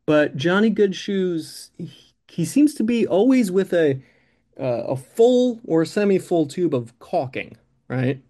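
Guy rambling through an improvised funny story, mellow warm tone, lots of likes and ums. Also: high-pitched, lively intonation, slow pace. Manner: rambling, filler-heavy.

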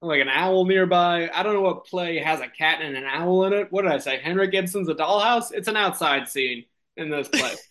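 A man's voice: high voice, moderate pace, hardly any pauses, fairly bright tone. A man improvising a silly comic story, rambling and giggling, with lots of ums and restarts. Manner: rambling, giggly, many fillers.

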